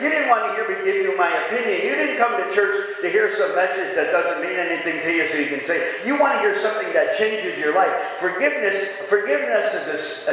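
Preaching in his church's sanctuary, a man with a high, pushed, bright voice leads the congregation in call-and-response and repeats lines for emphasis. The sound is echoey, with faint room noise in the hall.

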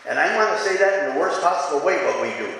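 A man's voice: fairly high pitch, lively intonation, fast, gravelly, pushed and bright. Man preaching in an echoey church. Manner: preaching with call-and-response, repeating lines for emphasis. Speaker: pastor. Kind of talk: sermon. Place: church sanctuary. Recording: echoey church hall with faint room noise.

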